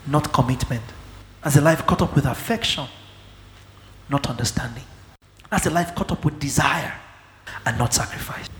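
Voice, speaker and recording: A male preacher delivering a sermon, dropping to low murmurs and then breaking into shouts. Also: a little hiss or hum. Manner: fiery, swings between low murmurs and shouting. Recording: echoey hall.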